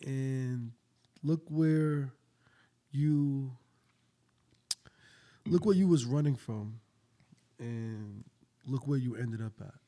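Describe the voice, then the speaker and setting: A man hosting a casual interview, chiming in with relaxed, encouraging remarks. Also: mid-range voice, drawn-out words, pauses often. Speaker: podcast host.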